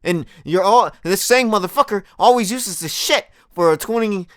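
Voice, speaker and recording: Animated, profane young man ranting. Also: sits high, moderate pace, no room sound, studio quality. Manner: profane, exaggerated comedic ranting. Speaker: comedy video host. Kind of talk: profane comedic rant.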